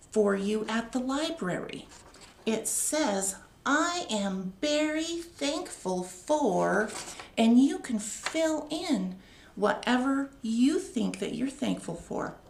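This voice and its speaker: A woman librarian reads a picture book to young children at a very slow, expressive pace. Her slightly high voice carries a gravelly grain. The sound is echoey, with faint noise underneath. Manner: slow, expressive, warm read-aloud delivery.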